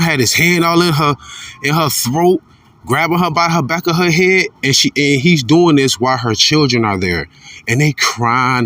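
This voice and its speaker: Heard on a distant mic in a dry space, a somewhat bright-voiced man rants informally about religion. His delivery is coarse and direct, looping back over points while alternating between fiery outbursts and low mumbling.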